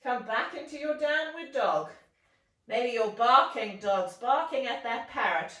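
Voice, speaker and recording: A woman guides young children through yoga in a playful, encouraging sing-song. She speaks slowly in a fairly high voice. Her voice is distant and echoes around the room. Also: lively intonation, a bit bright. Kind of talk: guided kids' yoga class.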